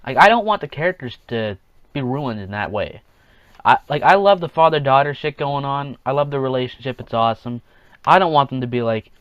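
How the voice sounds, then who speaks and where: A man's voice: medium pitch, animated, fairly quick, no echo, dull audio. A man hosting a casual solo podcast, rambling along, chuckling at his own jokes and acting out quotes in offhand voices. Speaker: podcast host.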